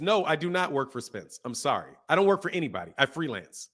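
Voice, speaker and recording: A man's voice: fairly high pitch, sing-song, fast talker, pushed and bright. A man hosting a live boxing talk stream, talking casually and animatedly to his chat, repeating points and laughing. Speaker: boxing commentary host.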